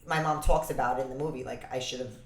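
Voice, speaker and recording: A woman from the Bronx, a boxer telling her story as a podcast guest in lively, swear-laced casual talk. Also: rumbling low, quick pace, noisy background. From the Bronx, New York. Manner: animated, swearing, laughs through her stories. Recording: roomy echo.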